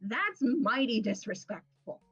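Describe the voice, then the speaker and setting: A woman's voice: fairly high pitch, big pitch swings, unhurried, fairly bright tone, breathy edge, exaggerated voice. A woman voicing an exasperated old grandfather who scolds the people he is guiding. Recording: dull lo-fi, faint music, from off mic.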